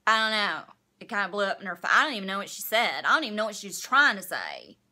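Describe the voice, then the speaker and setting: A woman's voice: mid-range voice, sing-song, fast talker, sharp tone. A young woman hosting a casual recap vlog, talking in a sarcastic, exasperated way and swearing freely. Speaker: vlog host recapping a reality show.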